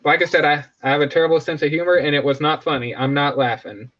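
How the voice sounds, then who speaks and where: A man chats loosely on his live stream, often stopping to correct himself and crack jokes. His voice sits a bit high. The audio is dull and lo-fi. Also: steady tone, fast, a bit bright. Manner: rambling, self-correcting, joking. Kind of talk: casual live stream chat.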